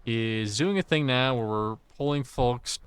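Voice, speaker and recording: A man's voice: medium pitch, measured pace, smooth, dry recording. Tipsy joking male game streamer. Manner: joking, crude, talks to chat by name. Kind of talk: casual live-stream chat.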